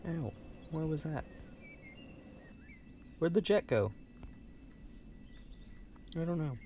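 A man's voice: on the high side, animated, takes it slowly. A man in casual gameplay commentary, chatty and rambling, laughing often at home. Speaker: gaming channel host. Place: indoors at home, bunk bed. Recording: loud background noise.

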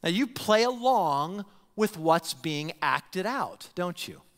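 A man preaching a sermon as pastor, animated and given to stumbling over and repeating his words, acting out the voices he quotes. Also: sits high, slow pace. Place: church sanctuary. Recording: long reverb of a church hall.

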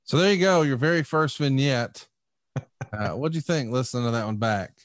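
A male podcast co-host asks questions in a lively, chuckling manner. His voice is mid-range and dry. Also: mid-range voice, moderate pace, no echo. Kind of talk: casual podcast chat.

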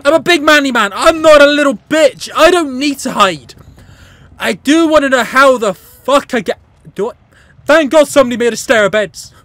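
A woman commentates her way through a horror game, jumpy and joking, swearing freely and talking back to the characters. Her voice sits high and swings widely in pitch. The sound is close and dry, with no room around it. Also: normal speed, dry recording. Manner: animated and joking, laughs often. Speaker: gaming channel host.

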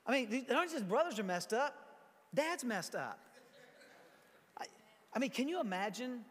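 A high-voiced male pastor delivers a sermon in a conversational way, reading scripture and stopping often to comment to his congregation. His voice carries a long reverb from a large church sanctuary. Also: very animated, moderate pace, long pauses, a bit bright.

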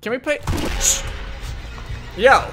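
A man's voice: slow pace, sharp tone, raised voice, faint music behind. A man commentating a horror game, jumpy and jokey, swearing often as he panics. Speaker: gamer.

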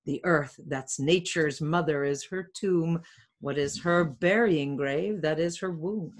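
A woman with a fairly low voice reads verse aloud at home into a desk mic. The reading is plain and unhurried, with small stumbles and pauses to check a word now and then. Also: slight background noise. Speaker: reader, teacher's relative. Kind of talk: casual reading of a play aloud. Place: home room.

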